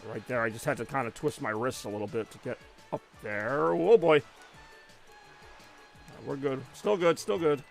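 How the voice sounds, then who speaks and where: A man's voice: medium pitch, moderate pace, creaky, long pauses, soft background music. A young man chatting casually and rambling while he plays a video game on a live stream. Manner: rambling, conversational, many fillers.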